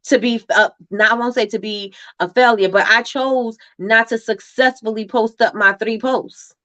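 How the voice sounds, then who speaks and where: A woman's voice: fairly high pitch, fairly even intonation, normal speed, fairly bright tone. A woman hosting a motivational livestream, talking emphatically, repeating phrases for effect and reading viewer comments aloud. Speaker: livestream host.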